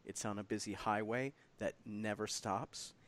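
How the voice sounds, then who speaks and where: A man from the Chicago area joking wryly during casual chat, prone to loud laughter. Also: fairly low pitch, steady tone, unhurried. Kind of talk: casual banter.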